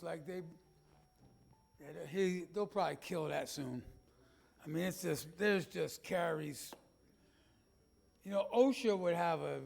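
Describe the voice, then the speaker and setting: High, gravelly-voiced emphatic pastor. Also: male voice. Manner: animated and emphatic, folksy asides. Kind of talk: slideshow talk to a congregation. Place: church.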